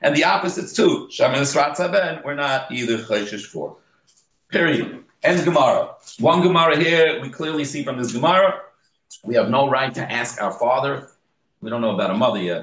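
Lively man teaching a Talmud class. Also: medium pitch. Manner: lively, explains and acts out examples. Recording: echoey room.

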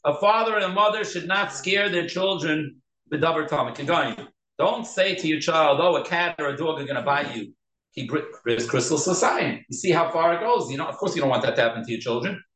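Rabbi type, man, lively Torah class lecture, slightly high voice, roomy echo. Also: fairly quick. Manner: animated, switches between Hebrew terms and English, acts out quoted speech.

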